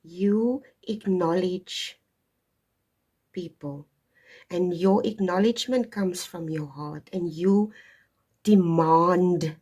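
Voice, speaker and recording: Tarot reader, woman, low warm voice, digressive and emphatic. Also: takes it slowly, long pauses, slightly rough. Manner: digressive, emphatic, stops to stress points. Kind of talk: casual spoken astrology reading.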